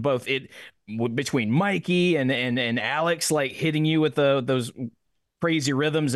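A man co-hosting a music podcast in casual chat, acting out mock quotes with animated energy. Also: medium pitch, dry recording, clean studio sound. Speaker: podcast co-host.

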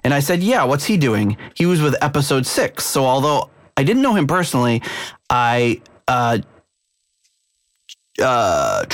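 A man's voice: medium pitch, no echo, studio quality. A man hosting a podcast, casually reading band history aloud with fillers and asides. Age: middle-aged or older. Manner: reads quotes aloud with fillers and laughs. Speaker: podcast host.

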